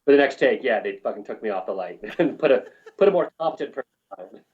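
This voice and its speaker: A man's voice: medium pitch, animated, fast talker, a little mellow, muffled recording. Profane, rambling male film crew storyteller. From New Mexico. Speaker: film crew lighting technician, guest. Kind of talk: casual storytelling interview.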